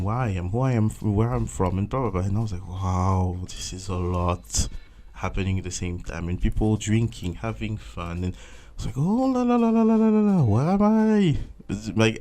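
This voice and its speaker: A young man from France, French accent, recounting his volunteering days in a relaxed interview. His voice sits a little low, and he acts out his old thoughts with big jumps in pitch and exclamations. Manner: animated, acts out his own past thoughts in swooping voices. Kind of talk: casual interview storytelling.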